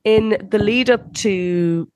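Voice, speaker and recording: A woman's voice: mid-range voice, slow, darkish tone, clean tone, no room sound, muffled recording. A woman interviewing a guest, asking questions in a hesitant way that restarts mid-sentence.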